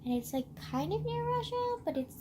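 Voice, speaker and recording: A young woman talks through a book review in a high-pitched voice. Her casual, rambling chat is packed with "like" and frequent swearing. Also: big pitch swings, fairly quick, dark tone, a little hiss or hum. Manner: rambling, heavy filler "like", swears often.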